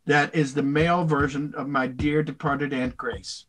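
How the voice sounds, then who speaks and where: An older man, a voice actor, answering interview questions in a rambling, animated way, slipping into voices. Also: fairly high pitch, a little slow. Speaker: voice actor guest.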